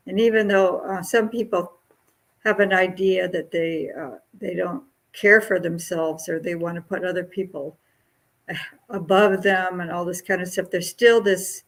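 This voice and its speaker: A Buddhist nun giving a dharma talk, who hesitates, searches for words and laughs lightly. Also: female voice, fairly low pitch, creaky, low-quality recording.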